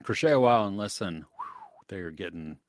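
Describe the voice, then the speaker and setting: A man's voice: low-pitched, brisk, no room sound, clean studio sound. A man co-hosting a live movie chat stream, greeting viewers by name and laughing often. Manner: animated, laughs often, reads chat names.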